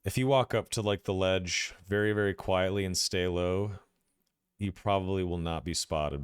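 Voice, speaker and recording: A man's voice: sits low, clear, resonant tone, no room sound, studio quality. A man narrating as game master of a tabletop role-playing game, hesitant, with many fillers and restarts.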